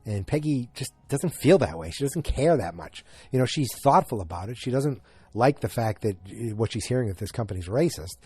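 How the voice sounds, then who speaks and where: A man's voice: medium pitch, lively intonation, brisk, a little mellow, slightly rough, dry recording. A man hosting a podcast, casually recapping a TV episode in a rambling way, with many fillers and restarts. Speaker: podcast host.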